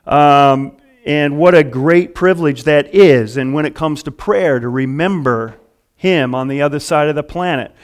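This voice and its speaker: A man's voice: fairly high pitch, unhurried. A middle-aged male pastor preaching a casual, chuckling sermon full of fillers and restarts.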